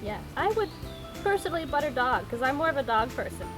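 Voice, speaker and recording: A woman's voice: high voice, big pitch swings, fast, music in the background, poor audio. A woman in casual chat, playfully reading out questions with dry asides. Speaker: co-host reading out audience questions.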